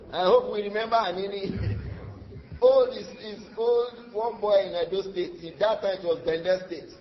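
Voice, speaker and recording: High-pitched Nigerian preacher, animated. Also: male voice, unhurried. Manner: animated, acts out dialogue, laughs often. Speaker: Islamic lecturer. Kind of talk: lively sermon with storytelling. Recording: dull lo-fi lecture recording.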